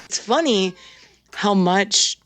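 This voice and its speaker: A woman's voice: medium pitch, lively intonation, takes it slowly, fairly bright tone. A middle-aged woman co-hosting a podcast in casual chat, blunt and swearing freely, laughing often. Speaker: podcast co-host.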